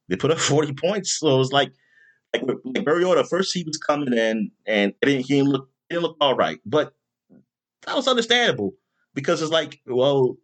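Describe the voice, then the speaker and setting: A man hosting a podcast in casual chat, rambling with lots of fillers and bursting into loud exasperation. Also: mid-range voice. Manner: rambling, animated, with many fillers. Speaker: podcast host.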